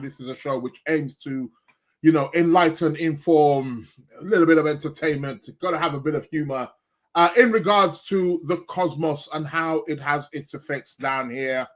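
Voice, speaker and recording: Chatty male host, rambling with fillers, talks while eating, slightly high voice. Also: fairly bright tone. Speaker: podcast host. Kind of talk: casual live-stream chat.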